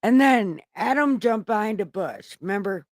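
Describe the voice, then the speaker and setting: A woman's voice: mid-range voice, lively intonation, moderate pace, no echo, clean studio sound. A woman retelling a story in a rambling, joking way with crude humor. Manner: rambling, laughing, crude jokes. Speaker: comic storyteller. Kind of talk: casual comic retelling.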